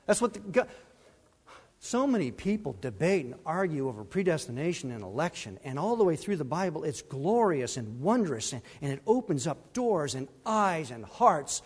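A man preaching a sermon as pastor, animated and emphatic, with asides and brief laughs. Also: a little high, normal speed, breathy edge, big-room sound.

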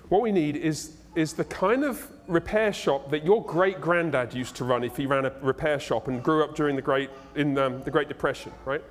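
Male pastor, sermon, conversational, humorous, slightly high voice, echoey hall.

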